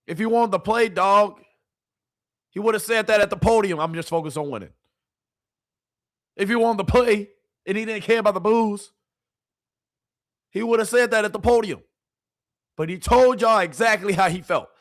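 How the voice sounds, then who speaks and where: A woman streamer giving casual, animated sports commentary, full of rhetorical questions and slang. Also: mid-range voice, moderate pace, long pauses.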